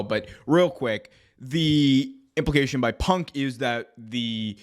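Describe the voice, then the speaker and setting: A male podcast host giving commentary on an interview clip and explaining its context. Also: medium pitch. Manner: explanatory, recaps what the guest means.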